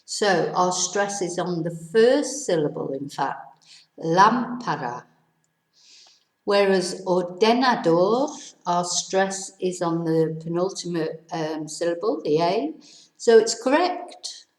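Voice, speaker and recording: A woman teaching a casual video lesson, a little hoarse with laryngitis, spelling words out letter by letter and adding chatty asides. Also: fairly low pitch, lively intonation, slow pace, darkish tone, echoey room, rough recording. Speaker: Spanish teacher.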